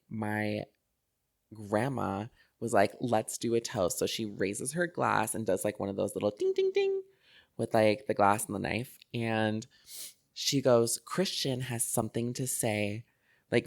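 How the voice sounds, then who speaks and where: On a podcast she co-hosts, a young woman with a very deep, vocal-fry voice tells a story in casual chat. She's animated, swears, and fills her speech with fillers.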